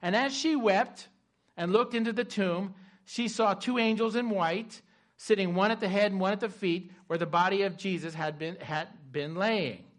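A man preaching a sermon, retelling a scripture story dramatically and shifting between loud emphasis and hushed asides. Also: high voice, normal speed. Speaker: pastor.

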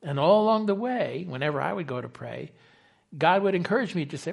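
A man preaching a sermon as pastor, animated and acting out the quoted dialogue. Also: on the high side, fairly quick, gravelly.

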